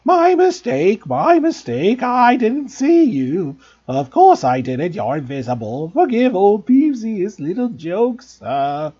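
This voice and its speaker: A man voicing a mischievous male poltergeist who taunts and then fawns in a greasy, wheedling, drawn-out way. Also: sits high, big pitch swings, mellow, husky, lo-fi sound, pitched above the performer's own voice, heavily acted. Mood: fawning.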